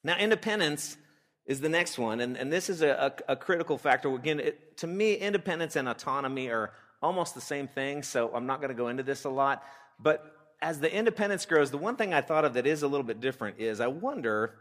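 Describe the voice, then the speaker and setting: A man's voice: medium pitch, expressive, fairly quick, fairly bright tone. A man in his forties, a pastor teaching parents, who talks candidly and conversationally and asks his listeners rhetorical questions. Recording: long reverb of a church hall.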